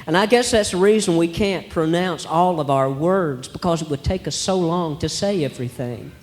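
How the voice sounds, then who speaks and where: High-voiced Southern man doing stand-up. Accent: Southern American. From Alabama. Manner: slow folksy drawl, acts out voices in his stories. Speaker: stand-up comedian. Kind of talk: stand-up comedy set. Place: church hall with a live audience. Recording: long hall reverb, faint room noise.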